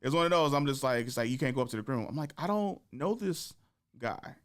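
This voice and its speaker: A male comedian hosting his own show, with a smooth, clear voice. He tells stories animatedly, slipping into the voices of the people he quotes. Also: medium pitch, fast. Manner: animated, acts out quoted voices, laughs often. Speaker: podcast host and stand-up comedian. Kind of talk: casual storytelling chat.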